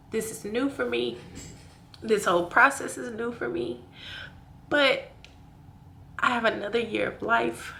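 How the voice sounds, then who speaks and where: A woman's voice: fairly high pitch, slow, vocal fry, long pauses, pushed and bright, a little hiss or hum. A woman in her late twenties vlogging to camera, speaking in an earnest, heartfelt way and fighting back tears. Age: 20s. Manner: emotional, speaking through tears. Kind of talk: personal vlog talking to camera.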